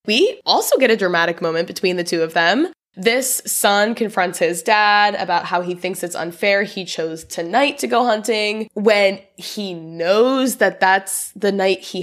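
A woman's voice: mid-range voice, a bit bright. A woman co-hosting a podcast, casually recapping a film from her notes and laughing often. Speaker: podcast co-host.

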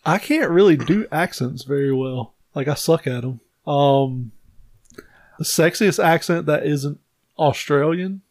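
A man's voice: a little high, a little slow, no echo. A man co-hosting a podcast, answering listener questions in an easygoing, agreeable way. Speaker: podcast co-host. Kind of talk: casual chat.

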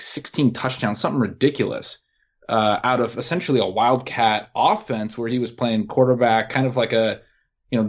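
A man co-hosting a fantasy football podcast, giving a measured, stat-heavy player breakdown. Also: lowish voice. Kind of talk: casual podcast analysis. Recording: muffled lo-fi audio.

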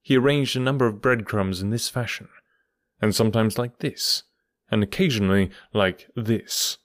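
A man reading an audiobook in measured storytelling narration. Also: lowish voice, no echo. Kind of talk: scripted narration.

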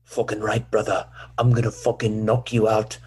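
A man's voice: on the low side, level tone, normal speed, a little mellow, husky. A man doing an impression of a brash, swaggering male fighter making crude threats. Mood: boastful.

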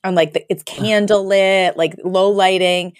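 A woman's voice: mid-range voice, a little slow, clean tone, no room sound, studio quality. A woman co-hosting a podcast, casually retelling a sitcom episode and acting out the characters' lines. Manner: animated storytelling, acts out characters' lines with laughs. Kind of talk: casual chat.

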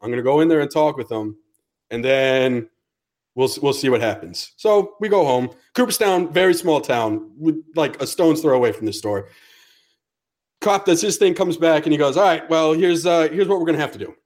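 A male podcast co-host spinning a story in a casual, swearing-heavy way, slipping into the voices of the people in it. His voice sits a little higher than most men's. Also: normal speed. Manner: profane, animated storyteller acting out dialogue.

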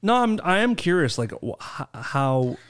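Teasing, quick-talking man on a podcast. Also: on the high side, sing-song, smooth. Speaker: podcast co-host. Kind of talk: casual banter.

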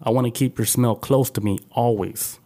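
A man's voice: mid-range voice, steady tone, normal speed, mellow. A man co-hosting a podcast in casual chat, easygoing as he brings up topics and reads quotes aloud. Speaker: podcast co-host. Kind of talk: casual chat, reading out news items.

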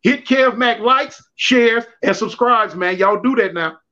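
Speaking at a measured pace in a very high-pitched voice, a man spins animated prison stories on a livestream call. The talk is casual, slangy and repetitive street speech, and the audio is dull and lo-fi.

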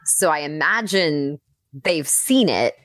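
Low-voiced woman, guest voice actress, eager rambling chat, dry close sound. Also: lively intonation, slow, fairly bright tone, no echo. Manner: enthusiastic, rambling, many "like"s and "um"s. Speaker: podcast guest, voice actress and writer. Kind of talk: casual podcast chat.

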